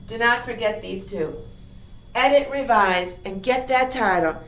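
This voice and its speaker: A woman teacher reviewing a lesson for her class, upbeat and emphatic, full of rhetorical questions and quick "okay?" checks. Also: fairly high pitch, a bit bright, a little hiss or hum. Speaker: high school English teacher.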